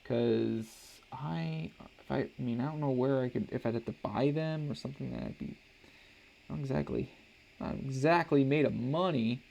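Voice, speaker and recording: A man's voice: medium pitch, moderate pace, vocal fry, a little mellow. A young man, a father, chatting casually and rambling with many restarts while he draws on a live stream. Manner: rambling, hesitant, full of restarts and "like". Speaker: artist streaming a drawing session.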